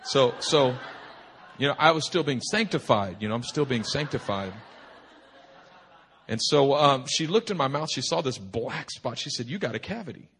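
A man preaching at a church retreat, telling a humorous personal story in an animated, rambling way full of restarts. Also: medium pitch, normal speed. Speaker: pastor. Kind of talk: sermon storytelling. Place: retreat meeting hall.

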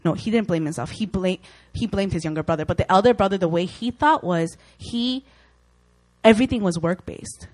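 A woman's voice: on the low side, brisk, few pauses, a little mellow, rough recording. Young woman, Christian speaker; informal, heartfelt Bible talk, conversational, acts out doubts. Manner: earnest, conversational, acts out worried inner voices.

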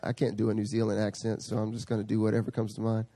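A male pastor preaching a sermon, telling a story with animated quoted voices. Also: lowish voice, fast talker. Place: church service.

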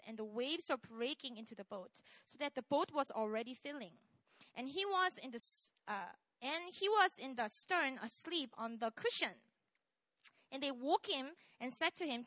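Lively high-voiced woman teaching scripture. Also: dry recording. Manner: animated, acts out quoted cries with rising excitement; conversational, checks in with listeners often. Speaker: Bible study teacher. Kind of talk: casual online Bible teaching.

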